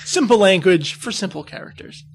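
Lively, laughing podcast host, a man. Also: sits high, moderate pace, creaky. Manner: upbeat, laughs easily, leads the talk. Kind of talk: casual chat.

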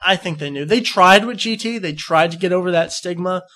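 A young man from New Jersey hosting a casual podcast, talking in an excitable, rambling, jokey way. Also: sits high, fairly quick. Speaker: podcast host.

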